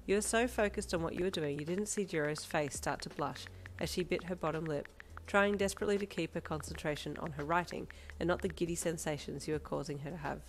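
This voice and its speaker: A woman with a low voice narrates a romantic fan fiction story in second person. She keeps a calm, even storytelling pace. Soft music runs faintly behind her. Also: fast.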